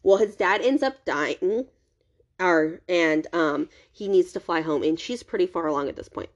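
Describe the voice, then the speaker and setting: A woman talks through a novel's plot in loose, rambling casual chat. She constantly fills gaps with "like" and "um" and keeps restarting her sentences. Her voice sits slightly low for a woman. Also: lively intonation, normal speed, dull audio. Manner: rambling, heavy use of "like" and "um", frequent restarts. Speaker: podcast host. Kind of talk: casual book recap.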